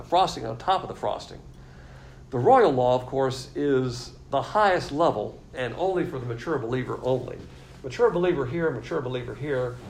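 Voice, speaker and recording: A man delivering a teaching sermon at a mid-range pitch, explaining terms patiently and circling back to repeat his main points. A faint hiss sits under the recording. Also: creaky, a little mellow, low-quality recording. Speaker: Bible teacher.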